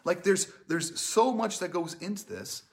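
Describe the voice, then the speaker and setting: A man's voice: high-pitched, a little slow, creaky. Chatty man preaching a casual sermon. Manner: chatty, many "like" fillers, acts out characters playfully. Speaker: pastor. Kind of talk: casual sermon with scripture reading.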